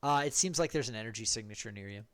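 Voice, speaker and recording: A man as game master narrating a tabletop game in a relaxed, halting way. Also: lowish voice, no room sound.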